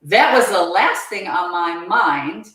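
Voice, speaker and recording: A woman guest on a podcast, telling her personal story in an earnest, halting way and repeating words as she goes. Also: lowish voice, expressive, a bit bright. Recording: very echoey room.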